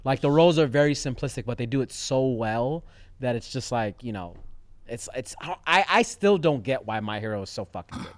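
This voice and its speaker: A man hosting a casual online chat show, animated, teasing and slangy. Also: medium pitch, moderate pace, dry recording. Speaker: host.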